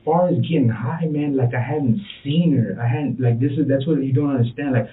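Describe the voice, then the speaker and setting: A man's voice: mid-range voice, recorded from a distance. Rambling man in a tinny echoey room. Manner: rambling, halting, full of fillers and swearing. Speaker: murder suspect being questioned. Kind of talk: interrogation confession. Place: police interview room. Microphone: room recording from a distance.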